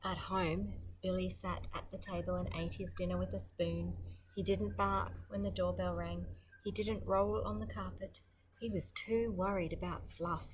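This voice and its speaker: A woman's voice: fairly low pitch, a little hiss or hum, rough recording. An Australian woman reading a picture book aloud to children, stopping to comment and ask questions. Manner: expressive, pauses to comment and ask the listener questions. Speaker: storyteller.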